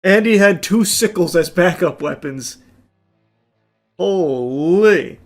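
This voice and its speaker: A man doing let's play commentary, shouting and swearing at the game and then dropping to low, dry asides. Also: expressive, slow pace, faint music behind. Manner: drops to low, dry asides between outbursts. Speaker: gaming streamer.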